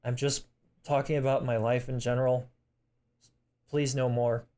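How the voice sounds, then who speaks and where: Young man, personal vlog; halting, apologetic delivery with restarts, emotional to the point of tears. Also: mid-range voice, level tone, dark tone. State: emotional, tearing up. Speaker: vlogger.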